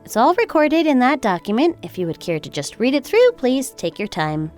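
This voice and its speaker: Woman voicing a sweet-but-cutting young wife, bright high voice with wide swings, faint music behind. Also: sing-song, moderate pace. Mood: coldly triumphant. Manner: sweetly polite yet cutting. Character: cool, calculating young wife getting even. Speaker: daughter-in-law.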